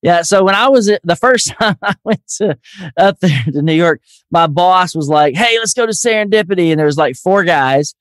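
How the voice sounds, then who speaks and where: Southern guy hosting a money podcast, kinda high voice, dry close mic. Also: lively intonation, moderate pace, no echo. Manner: upbeat, chatty, storytelling. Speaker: podcast host. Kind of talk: casual interview chat.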